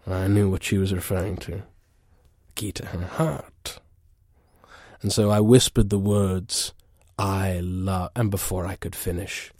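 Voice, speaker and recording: A man in an improvised comedy bit, telling an absurd story with earnest, deadpan conviction, dropping to a hush and then swelling loud. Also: moderate pace, breathy edge, no room sound, studio quality. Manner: earnest, swings from hushed to booming.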